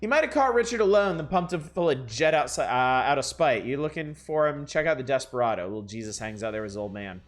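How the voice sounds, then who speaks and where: A man voicing a blunt, bitter mobster son who speaks low and clipped while reading game dialogue aloud. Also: fast talker, few pauses, lightly acted. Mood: gruff.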